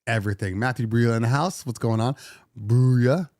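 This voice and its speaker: A man's voice: medium pitch, fast talker, dry recording, clean studio sound. A middle-aged man hosting a casual DJ podcast, venting animatedly and slipping into sarcastic put-on voices. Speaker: DJ podcast host. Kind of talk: casual livestream talk.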